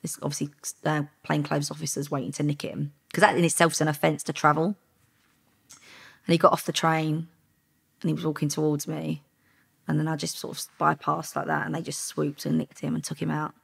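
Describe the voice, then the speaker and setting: A low-pitched woman with a gravelly, husky voice tells her story in an interview. She talks bluntly and candidly, a former undercover officer with frank language. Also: flat delivery, fairly quick.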